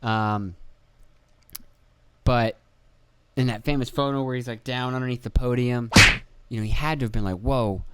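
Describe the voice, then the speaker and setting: A young man rambling through a podcast monologue in a middle-pitched voice, cursing casually and slipping into jokey put-on voices for the people he talks about. The sound is dry and close, with no room in it. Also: fairly even intonation, normal speed, pauses often, clear, resonant tone, no echo. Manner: swearing, jokey, acts out quoted voices. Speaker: podcast host.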